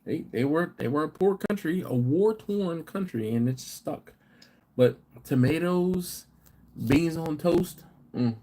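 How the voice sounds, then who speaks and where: Hosting a live barbecue stream, a man from the United States chats casually, reads viewer comments aloud, and tells rambling stories. His voice is fairly high in pitch, expressive, unhurried, and dark in tone.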